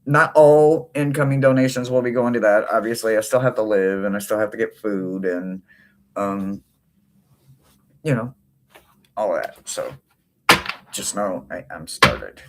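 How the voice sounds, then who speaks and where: A man hosting a tarot reading livestream, chatting casually with viewers and breaking into sudden high-pitched exclamations. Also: fairly even intonation, unhurried, pauses often, slight background noise.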